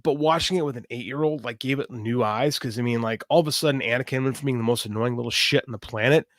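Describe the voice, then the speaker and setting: A man's voice: medium pitch, quick pace, no room sound, studio quality. A man in his forties, co-hosting a podcast, telling stories with energy and swearing freely. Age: 40s. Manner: animated storytelling, swears freely. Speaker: podcast co-host. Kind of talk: casual chat.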